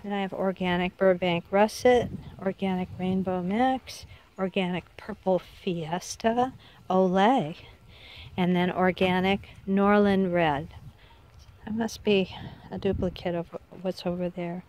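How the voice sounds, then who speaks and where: A woman's voice: fairly low pitch, fairly even intonation, a little slow, a little mellow. A middle-aged woman giving a rambling, casual tour of her garden, often correcting herself mid-sentence. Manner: rambling, chatty, self-correcting. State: unwell, with hiccups. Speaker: vlogger showing her garden. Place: outdoor backyard garden.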